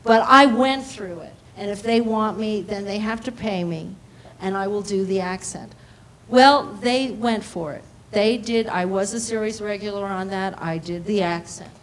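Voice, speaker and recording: An actress on a panel telling a lively anecdote and acting out the back-and-forth of each quoted exchange. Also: female voice, medium pitch, normal speed, rough recording. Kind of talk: panel discussion storytelling.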